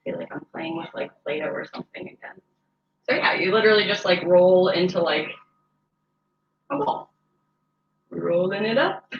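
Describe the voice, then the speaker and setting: Her voice on the low side, a woman hosting a home-kitchen cooking show talks briskly but with long pauses, joking and chatting as she cooks and leaning heavily on "like." The recording is echoey and slightly dull.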